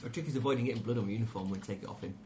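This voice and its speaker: A man's voice: fairly low pitch, rapid-fire. Blunt British man playing a tabletop game. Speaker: player. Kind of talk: casual chat while playing a tabletop game. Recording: noisy home recording.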